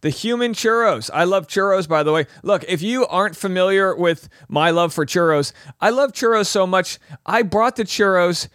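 A man in his thirties recaps a reality show with a loose, joking ramble, jumping into quick silly voices when he quotes people. His voice sits a bit high for a man. The sound is close and dry, with no room behind it. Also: fairly bright tone, clear, resonant tone, no room sound.

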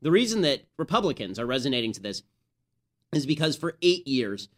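A man hosts a political commentary podcast. He talks in a brisk, opinionated way, with a wry edge, at a middle pitch. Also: big pitch swings, a bit bright. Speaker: host.

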